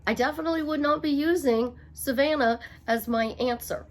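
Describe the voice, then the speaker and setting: Speaking briskly, a middle-aged woman working as a life coach delivers a motivational talk in a somewhat high voice. She repeats each point for emphasis, breaking up the forceful tone with playful asides.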